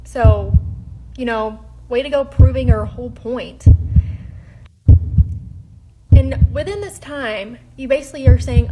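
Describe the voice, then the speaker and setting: A fairly high-voiced woman speaks firmly and indignantly, stressing each point as she calls someone out. Heavy background noise and hum run under her voice. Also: takes it slowly, pauses often. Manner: indignant, firm, emphatic. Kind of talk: heated commentary to camera.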